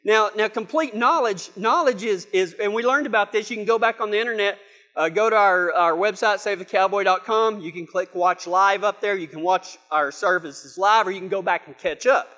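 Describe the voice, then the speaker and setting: A man's voice: high voice, moderate pace, sharp tone. A man preaching a sermon from a church stage, opening with a humorous, folksy story and acting out the voices in it. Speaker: pastor.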